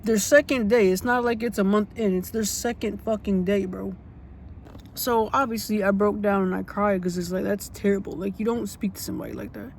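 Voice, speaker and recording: Storytime vlogger, mid-range pitch, fired up and repetitive, cursing casually, light background hiss. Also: a little fast. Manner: blunt and indignant, swears freely; repeats points for emphasis.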